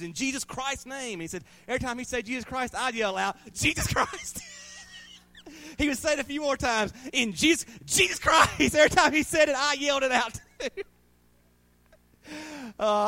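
A man, preaching a sermon as pastor, telling folksy stories and laughing often. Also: sits high. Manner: folksy storytelling, laughing often, rising to loud bursts.

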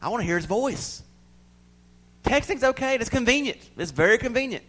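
A middle-aged man preaching a sermon, swinging between loud pleading and soft near-whispers. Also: very high-pitched, expressive, fairly quick.

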